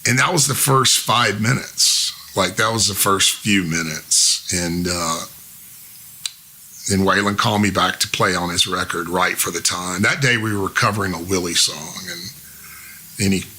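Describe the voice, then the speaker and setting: A man in his fifties, a musician guest telling stories in a casual, animated way and imitating the people he quotes. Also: deep voice, measured pace, breathy edge. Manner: animated storyteller who mimics the people he quotes. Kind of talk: casual storytelling.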